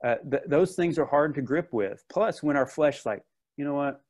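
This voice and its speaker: A man's voice: on the high side, lively intonation, moderate pace, darkish tone. A man preaching a sermon in an earnest, conversational way, with casual asides and restarts.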